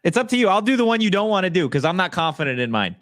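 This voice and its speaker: A man's voice: high voice, very animated, very fast, a bit bright, no echo, studio quality. A man talking as a guest on a casual chat show, self-deprecating and laughing.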